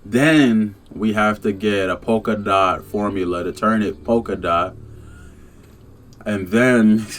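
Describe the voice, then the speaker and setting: A young man casually reviewing a video game in a laid-back, slangy way, chuckling and breaking into excited rants. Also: on the low side.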